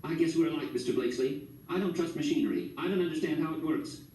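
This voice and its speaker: A man doing a nervous, genteel lady whose voice rises high and breaks with feeling. She swings between excitement and tears. The reading is mellow in tone and captured from a distance in a roomy space. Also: fast talker, close to an everyday voice. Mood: firm. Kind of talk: audiobook character voice.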